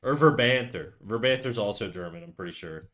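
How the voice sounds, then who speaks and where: A man's voice: lowish voice, expressive, a little fast. A man chatting casually with his viewers during a drawing livestream, rambling and often dropping to a mutter as he works. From Canada. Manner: rambling, chats with viewers, drops to quiet muttering while working. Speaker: streamer.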